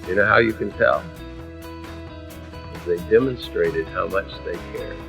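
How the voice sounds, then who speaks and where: A man's voice: low-pitched, measured pace, over music, poor audio. A man preaching with humor, telling a story and acting out the voices of its people. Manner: animated, acts out voices, shifts from hushed to loud.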